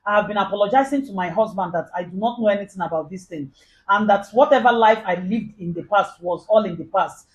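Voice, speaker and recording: A woman's voice: medium pitch, a little fast, rough recording. A woman with a Nigerian accent telling a personal story in the first person, earnestly retelling what others said as quoted dialogue.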